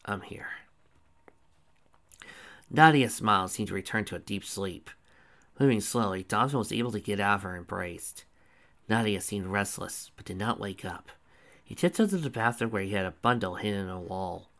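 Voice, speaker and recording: Casual male storyteller, low voice, reads own fan fiction. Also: a little fast, gravelly, fairly bright tone. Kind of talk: reading fan fiction aloud.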